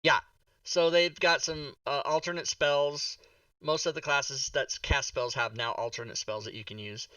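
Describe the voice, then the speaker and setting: A man's voice: fairly high pitch, fairly even intonation, normal speed, sharp tone, smooth, no echo, recorded from a distance. A man hosting a casual talk show about a tabletop game book, joking, swearing and laughing as he goes.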